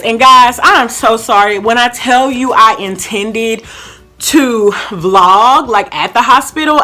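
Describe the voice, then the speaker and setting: A young woman telling a chatty storytime vlog, animated and full of fillers, acting out quotes as she goes. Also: medium pitch. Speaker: vlogger.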